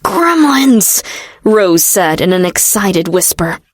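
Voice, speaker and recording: A woman narrating a fantasy audiobook in a steady, expressive storytelling manner. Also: medium pitch, measured pace, dry recording, studio quality. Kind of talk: scripted narration.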